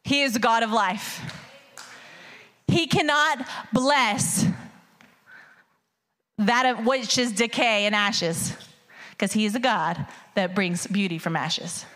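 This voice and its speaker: High, bright-voiced woman preaching. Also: slow pace, pauses often. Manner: animated, hyped, addresses crowd as y'all. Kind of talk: energetic sermon. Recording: long hall reverb.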